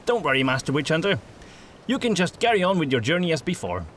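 A man's voice: fairly high pitch, big pitch swings, fast, a bit bright, slight background noise, voice pushed up. A man voicing a brash, boastful male merchant adventurer, cocky and teasing.

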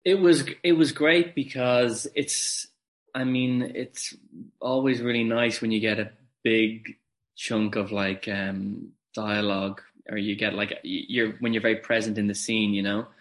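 A man actor on a podcast, talking haltingly about filming, with frequent restarts. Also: lowish voice, fairly even intonation. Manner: halting, restarts often, self-deprecating. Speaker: actor guest. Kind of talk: casual podcast interview.

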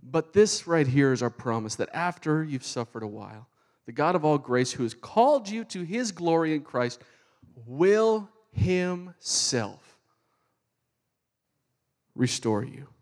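A man preaching a sermon with animated, fervent delivery. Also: on the high side, measured pace. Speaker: pastor.

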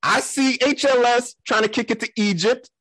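A man co-hosting a podcast, telling embarrassing stories in a casual, animated way and acting out the voices in them. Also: very high voice, moderate pace, no room sound. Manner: animated, laughing storyteller who acts out quotes. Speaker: podcast co-host.

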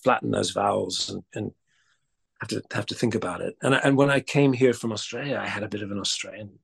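Man, actor guest, gravelly creaky voice, animated, lots of restarts. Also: fairly low pitch, fairly quick. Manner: animated, many restarts and repeated words. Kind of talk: casual interview chat.

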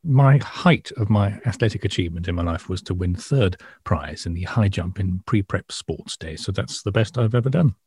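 A man's voice: low voice, animated, normal speed, few pauses, a little mellow, breathy edge, no room sound, clean studio sound. A man co-hosting an art podcast, wry and self-deprecating in conversation. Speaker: podcast co-host. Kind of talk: casual chat.

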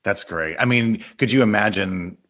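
A man's voice: fairly low pitch, moderate pace, fairly bright tone. A man hosting a casual interview podcast, upbeat and laughing often. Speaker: podcast host.

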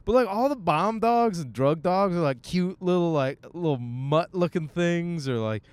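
A man's voice: fairly high pitch, animated, normal speed, clean tone, no room sound. A man hosting a podcast, rambling casually from his car as he drives. He makes self-mocking jokes and swears a lot. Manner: jokey and self-mocking, with frequent swearing and silly voiced asides. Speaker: podcast host. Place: in a car while driving.

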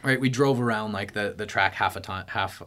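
A man's voice: fairly low pitch, fairly quick. Chatty young man telling a wild story. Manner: animated, lots of "like" fillers, acts out his own panic. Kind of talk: casual storytelling chat.

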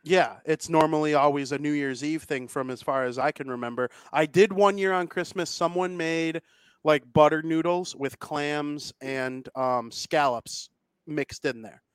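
A man's voice: fairly high pitch, a little slow, clear, resonant tone, dry recording. A young adult man co-hosting a casual podcast chat, enthusiastic and jokey. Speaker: podcast co-host.

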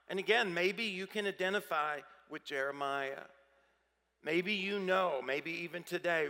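A man's voice: sits high, sharp tone. A man preaching a sermon as pastor in a large church hall, conversational, putting rhetorical questions to the congregation. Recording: long reverb of a large hall.

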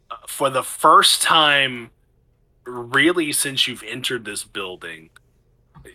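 A man narrating as game master of a tabletop game over an online voice call, descriptive and halting, with many fillers. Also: mid-range voice, bright, forceful tone, rough recording.

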